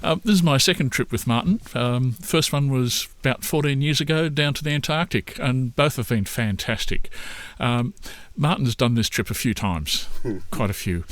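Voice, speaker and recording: A man's voice: medium pitch, normal speed, few pauses, dry recording. Chatty Australian man. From Sydney, Australia. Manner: cheerful, chatty with fillers. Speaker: tour guest.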